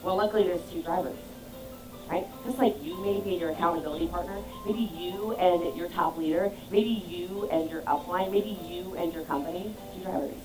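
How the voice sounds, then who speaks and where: A woman's voice: fairly low pitch, normal speed, over music, rough recording. A woman business coach giving an emphatic motivational talk, firing rhetorical questions at her audience. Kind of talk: motivational speech.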